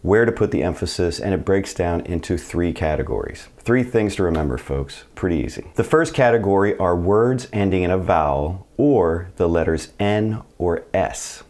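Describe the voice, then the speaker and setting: A man's voice: deep voice, a little mellow. A man teaching a Spanish pronunciation lesson to viewers, friendly and dropping joking asides. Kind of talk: video language lesson.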